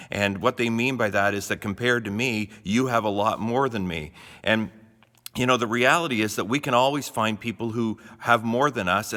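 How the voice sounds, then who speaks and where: A man's voice: fairly low pitch, pushed and bright. A middle-aged male pastor from Canada giving a short devotional talk in a conversational, folksy way, often restarting his sentences. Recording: long reverb, roomy.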